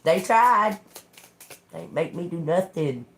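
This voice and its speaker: An older woman giving a live-stream tarot reading in a slow, profane, confrontational manner. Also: on the low side, big pitch swings, a little hiss or hum. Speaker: tarot reader.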